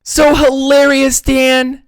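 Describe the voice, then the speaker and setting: Man doing a high whiny mocking fan, sing-song sarcasm, big swings in tone. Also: very animated, moderate pace, sharp tone, no room sound, exaggerated voice.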